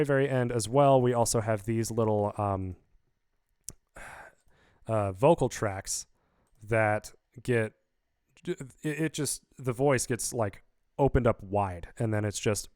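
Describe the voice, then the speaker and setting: A man's voice: medium pitch, a little mellow, smooth, no room sound. A man casually explaining how he produced his song, rambling upbeat with many fillers, talking into a studio vocal mic. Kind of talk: casual video breakdown.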